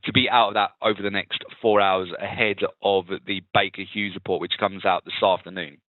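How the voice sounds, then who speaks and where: A man hosting a live trading webinar, calmly talking viewers through market charts. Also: low voice, fairly quick, dry recording. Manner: steady, explanatory, talks through charts. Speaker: webinar host and trading analyst. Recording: tinny phone-like webinar audio.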